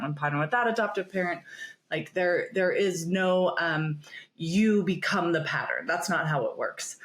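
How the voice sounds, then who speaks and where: A woman therapist, a podcast guest, explaining in an earnest, emphatic, conversational way. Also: fairly low pitch. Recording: roomy echo.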